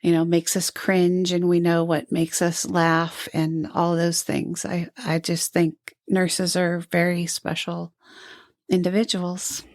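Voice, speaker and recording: Older woman, retired nurse, earnest storyteller, low-ish voice, flat delivery. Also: takes it slowly, no echo, studio quality. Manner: earnest, storytelling, mimics moms she quotes. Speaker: guest, retired NICU nurse and lactation counselor. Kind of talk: conversational podcast interview.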